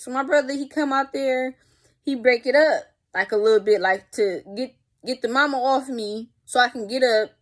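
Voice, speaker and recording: Animated woman telling a story. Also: high voice, normal speed. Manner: animated, profane, uses sound effects. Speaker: vlogger. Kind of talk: casual storytime.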